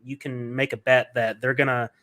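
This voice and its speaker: A man's voice: mid-range voice, flat delivery, normal speed, pushed and bright. A man hosting a podcast interview, talking in a casual, enthusiastic and rambling way, with lots of fillers and restarts. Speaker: podcast host.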